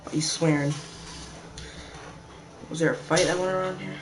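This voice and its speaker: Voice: medium pitch, fairly even intonation, normal speed, poor audio. A gamer doing casual let's-play commentary, chatting to viewers and reading game text aloud. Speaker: gamer playing a survival game.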